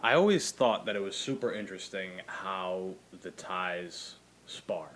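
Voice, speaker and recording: An easygoing man hosting a podcast, tossing questions to his guest in casual conversation. His voice sits low in pitch but carries a bright, forceful tone. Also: unhurried. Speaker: podcast host.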